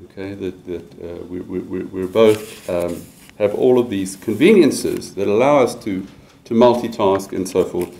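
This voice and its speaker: Male professor, low mellow voice, halting academic lecture delivery with restarts. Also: vocal fry, rough recording. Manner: measured, with many fillers and restarts. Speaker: university lecturer.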